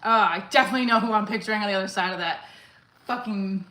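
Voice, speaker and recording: A woman comedian works out on a live stream, out of breath as she chats with viewers, reads and answers their comments, and counts reps aloud. Her medium-pitched voice is fast, bright and forceful, captured in a roomy, rough recording.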